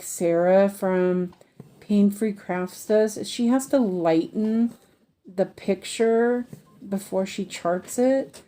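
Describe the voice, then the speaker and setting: A woman's voice: mid-range voice, dark tone. A woman hosting a cross-stitch livestream, chatting casually and hesitantly while she works and answers viewer comments. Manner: hesitant and rambling, many fillers and trailing thoughts.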